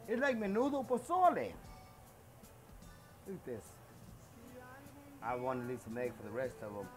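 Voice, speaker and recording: A high-voiced, middle-aged man hosts a casual home cooking show from his kitchen. He's chatty and boastful, dropping phrases as he goes.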